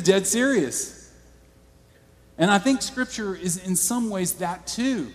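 A man's voice: high voice, animated, takes it slowly, pauses often, long reverb tail. A male pastor preaching a sermon in a church, conversational and storytelling.

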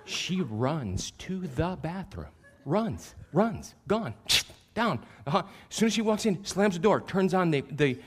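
A man in his fifties, a pastor, preaching a sermon through animated, self-deprecating personal stories that get loud at the punchlines. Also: high voice, measured pace, few pauses, a little hiss or hum. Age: 50s.

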